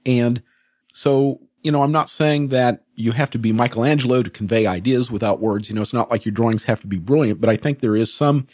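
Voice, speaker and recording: A man's voice: medium pitch, a little fast, a little mellow, no room sound, studio quality. A man hosting a casual discussion, thinking aloud with lots of fillers. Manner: thoughtful, many fillers, steering the topic.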